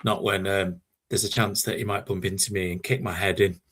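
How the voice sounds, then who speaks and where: A man in casual podcast chat, hesitant and halting with many fillers. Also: low-pitched, steady tone, a crowd in the background. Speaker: podcast panelist.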